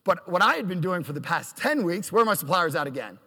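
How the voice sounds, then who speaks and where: A man in his thirties tells a self-deprecating story before a live audience. He acts out quotes with animation, and his high voice rings through a reverberant hall. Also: very animated, quick pace, pushed and bright, husky. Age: 30s. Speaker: storyteller on stage.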